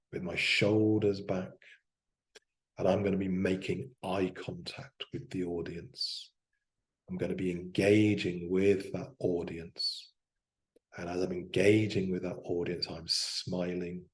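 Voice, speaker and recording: Deep monotone guy doing a calm self-hypnosis demo, slow soft affirmations. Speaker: hypnosis coach. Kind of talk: demonstrating self-hypnosis aloud.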